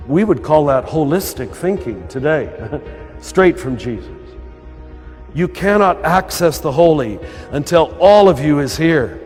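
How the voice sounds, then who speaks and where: Older American man, priest, throaty, fairly high voice, live hall reverb, soft music under it. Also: very animated, measured pace. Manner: earnest, conversational, chuckling now and then. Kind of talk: spiritual talk to a live audience.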